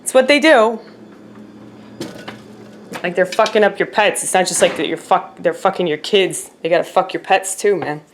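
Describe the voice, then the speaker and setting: A woman's voice: fairly low pitch, moderate pace, pauses often, slight background noise. A woman vlogger talking casually to her viewers, rambling and swearing, with lots of fillers. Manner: rambling, profane, filler-heavy. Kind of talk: casual rambling monologue to camera.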